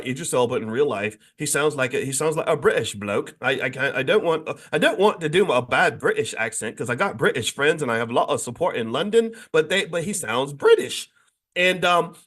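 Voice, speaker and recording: A man hosting a daily show, speaking unscripted to his audience at a middle pitch. He is emphatic and preachy, breaks off and restarts his sentences, and his voice leaps up sharply whenever he drives a point home. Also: a bit bright. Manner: asks listeners to agree. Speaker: host of a daily finance show. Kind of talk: unscripted monologue to an online audience.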